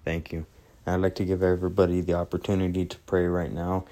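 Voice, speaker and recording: Deep-voiced man preaching earnestly. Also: completely flat delivery, quick pace, warm tone. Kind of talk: sermon and prayer.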